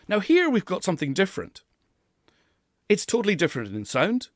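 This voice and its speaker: A man's voice: sits high, huge pitch swings, fairly quick, long pauses, no echo, clean studio sound. A man coaching pronunciation who demonstrates sounds and laughs often. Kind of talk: pronunciation lesson.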